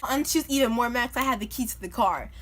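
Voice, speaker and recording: A young woman vlogger telling a funny personal story in an animated, chatty way, full of "like" and "you know". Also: a little high, fast, a little hiss or hum. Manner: animated, chatty, filler-heavy with lots of "like". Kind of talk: casual storytime.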